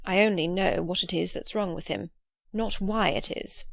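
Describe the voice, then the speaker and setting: A woman voicing an earnest, gentle old man who talks in a pleading, philosophical way. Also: on the low side, moderate pace, creaky, dry recording. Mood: musing.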